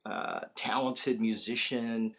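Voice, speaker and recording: A man's voice: medium pitch, slow. A middle-aged man from Ohio, a musician as an interview guest, telling stories animatedly, acting out the voices of the people he quotes and chuckling often. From Dayton, Ohio. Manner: animated storyteller who acts out quoted voices, with frequent chuckles. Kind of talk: storytelling in a conversational interview.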